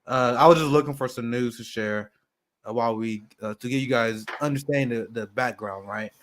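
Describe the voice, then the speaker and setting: A man's voice: medium pitch, normal speed. A man hosting a casual livestream, loose and chatty with lots of fillers. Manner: loose, chatty, self-deprecating, many fillers. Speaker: host.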